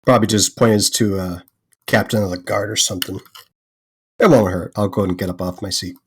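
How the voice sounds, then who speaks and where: A man playing a tabletop game, making laid-back, quick remarks. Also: lowish voice, steady tone, husky. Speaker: player. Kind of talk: tabletop play.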